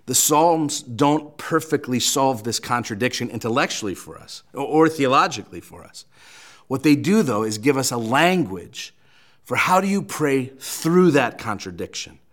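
A man preaching a sermon as pastor, in a voice of ordinary middle pitch. He speaks earnestly, often restarting or doubling words as he goes. When he reads scripture aloud, his delivery builds with rising emphasis. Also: fairly bright tone.

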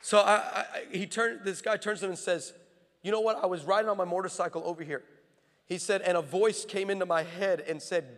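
A man's voice: sits high, fairly even intonation, a little fast. Impassioned preacher man in a reverberant hall. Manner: builds to impassioned shouting, rhythmic repetition. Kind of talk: sermon.

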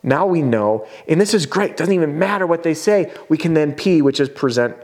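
Energetic man teaching a sales lesson. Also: on the high side, moderate pace. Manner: energetic, acts out homeowners in voices. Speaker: roofing sales trainer.

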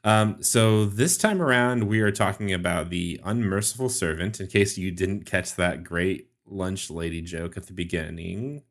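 A man with a low voice co-hosts a casual Bible podcast, speaking unhurriedly with few pauses. He's chatty through the discussion and scripture reading, often laughing and restarting his sentences.

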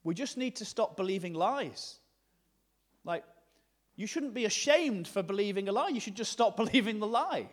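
Northern English male preacher, high and highly animated voice, chatty humorous sermon delivery. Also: normal speed. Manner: lively, conversational, jokey preaching with sudden shifts between hushed and loud. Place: church hall.

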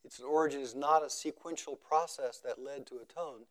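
At a meditation retreat, a man delivers a slow, measured dharma talk in a contemplative mood. His mid-range voice repeats phrases for emphasis and falls quiet at the close of each thought.

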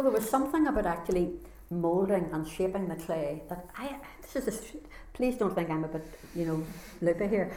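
A woman with a Northern Irish accent tells her story in an earnest, heartfelt way at a conference. Her voice sits at a middle pitch, and the sound rings around a reverberant hall. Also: a little hiss or hum. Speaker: conference speaker. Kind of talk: personal testimony talk.

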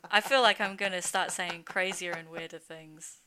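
A woman's voice: lowish voice, steady tone, normal speed, bright, forceful tone. A woman guest on a casual podcast, chatting about her work as a game producer, self-mocking and laughing often.

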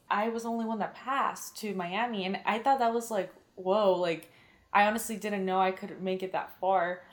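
Chatty young woman, lots of "like". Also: medium pitch. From Mexican-American background. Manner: chatty, fills with "like", acts out quoted lines. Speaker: radio and TV media personality, guest. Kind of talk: casual interview answers.

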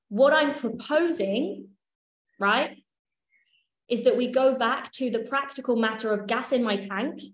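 A woman's voice: fairly high pitch, a bit bright. Chatty woman teaching in an echoey room. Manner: chatty, swears casually, checks in with listeners. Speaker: workshop leader. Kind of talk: casual teaching talk.

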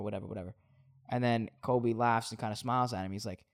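A man co-hosting a sports podcast, telling a story in an animated casual way with frequent swearing. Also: medium pitch, quick pace. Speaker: podcast co-host.

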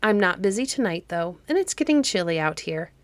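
A woman reading a storybook who voices a kindly, calm old woman caretaker in a soft, soothing way. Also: fairly low pitch, fairly quick, dry recording. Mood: gentle.

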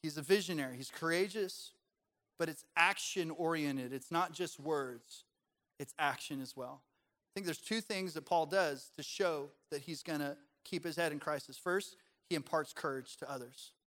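A man preaches in a bright, fairly high voice, chatty and animated, with jokes mixed into the sermon. When he comes to the main point, he settles into a quieter, measured tone. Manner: conversational, animated preaching with humor. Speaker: pastor.

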